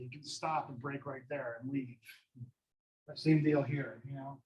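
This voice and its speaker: Male teacher, casual classroom lecture, rambling, self-deprecating, voice a bit on the high side. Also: normal speed, rough recording.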